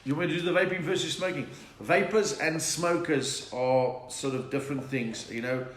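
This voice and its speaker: A South African man, a comedian, hosting a live online chat, telling quick-fire jokes and laughing at his own lines. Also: on the high side, echoey room. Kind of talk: live stand-up joke session. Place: room at home.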